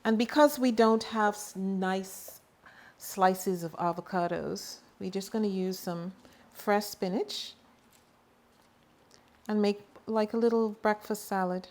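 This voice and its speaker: Unhurried woman demonstrating cooking. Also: medium pitch. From Bahamas. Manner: relaxed, chatty, homey asides. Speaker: home cook and farmer. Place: home kitchen.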